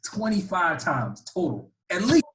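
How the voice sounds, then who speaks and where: A man's voice: high-pitched, wildly swooping pitch, a little slow, a bit bright. A man co-hosting a podcast in casual chat, teasing his friend in playful banter. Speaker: podcast co-host. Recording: echoey room.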